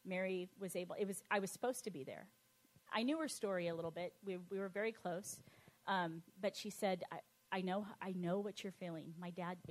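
Her voice fairly low in pitch, a woman tells her personal testimony in a halting, conversational way. She uses fillers, restarts her sentences, and grows soft and quiet when things turn tender.

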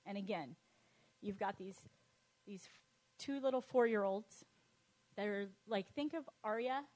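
Woman, personal testimony, conversational, halting, fillers and restarts, soft quiet passages. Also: mid-range voice. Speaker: speaker sharing a personal testimony.

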